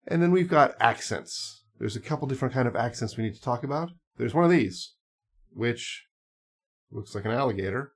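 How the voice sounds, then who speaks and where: Male music teacher, mid pitch, easygoing explainer with fillers. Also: moderate pace. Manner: relaxed, explains with asides and fillers. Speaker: clarinet teacher. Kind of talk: casual instructional talk.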